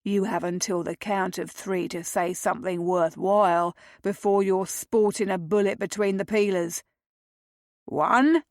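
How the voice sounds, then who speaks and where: A woman's voice: medium pitch, steady tone, unhurried, dry recording, clean studio sound, natural voice. A woman voicing a cold, emotionless man who barks his orders and threats. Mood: threatening. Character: icy, soulless male servant with a pistol.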